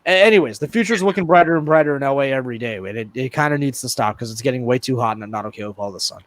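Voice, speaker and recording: A man's voice: mid-range voice, very fast, no echo. A man hosting a casual podcast, joking and laughing often as he reads out stats and news. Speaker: podcast host.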